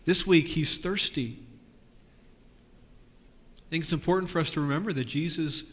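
A man leading a lively children's sermon, asking the kids questions in a church with a balcony. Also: a little high, moderate pace. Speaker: pastor. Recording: long reverb of a church.

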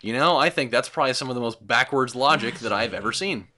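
Sarcastic, excitable young man gaming. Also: mid-range voice, fast. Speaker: let's play host. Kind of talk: gameplay commentary.

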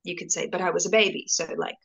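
A woman's voice: on the low side, steady tone, quick pace, gravelly, a bit bright, slightly rough, rough recording. Young woman, casual call guest, hesitant, restarts often. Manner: hesitant, many restarts and fillers. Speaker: interview guest. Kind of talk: casual video-call conversation.

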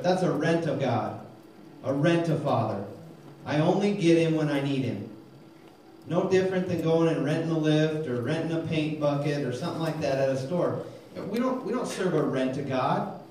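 A man preaching a lively sermon, calling for amens and telling jokes, recorded in a church hall. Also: a little high, a little hiss or hum. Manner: energetic, calls for amens, tells jokes. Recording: very echoey hall, mic far off.

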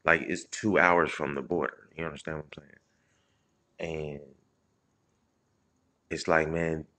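A man from Indiana casually telling a profane story on a live stream, full of restarts and shout-outs to viewers. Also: rumbling low, little pitch movement, unhurried. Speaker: comedian livestream host.

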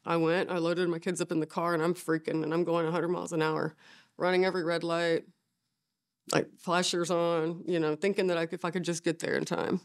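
A middle-aged woman, a bereaved mother, speaking haltingly with many fillers in a documentary interview. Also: fairly low pitch, level tone.

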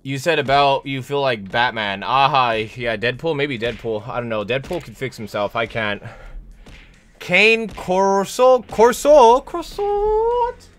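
A young man streaming a game in casual chat, swearing often, reading chat aloud and yelling at teammates while sore from a hurt leg. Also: medium pitch, normal speed, few pauses. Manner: profane, chatty, reads chat aloud and shouts at teammates.

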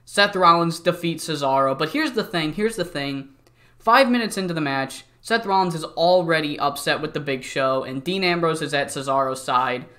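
Bright-voiced young man narrating a wrestling game. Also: fairly high pitch, moderate pace. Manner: jokey, rambling, swears. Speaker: let's-play host. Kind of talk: casual game commentary.

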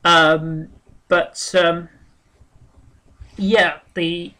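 Male vlogger, forceful and bright in tone, candid, meandering, full of restarts. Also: fairly high pitch, level tone, drawn-out words. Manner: rambling and frank, with many ums, restarts and swearing. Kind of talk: casual spoken monologue.

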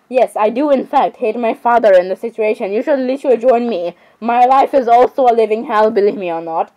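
A woman's voice: a little high, expressive, moderate pace, mellow, low-quality recording. A thirteen-year-old girl chatting while gaming, rambling and dramatic. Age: teens. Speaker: gamer. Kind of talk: casual gameplay chatter.

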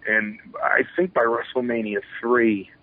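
Interview guest, man in his forties, husky, animated storyteller who acts out quotes; phone-line quality. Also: medium pitch, measured pace, dry recording. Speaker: former pro wrestler, guest. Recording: tinny phone-line sound.

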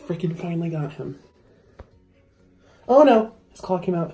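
A young man vlogging at home, talking to camera in an excitable way, laughing and yelping as he goes. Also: fairly high pitch, normal speed, soft background music. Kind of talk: casual chat to camera. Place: bathroom at home. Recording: echoey bathroom.

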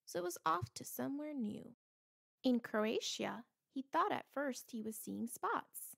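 A woman reading a children's picture book aloud with expressive storytelling. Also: a little high, measured pace, creaky, no room sound, clean studio sound. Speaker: storybook reader.

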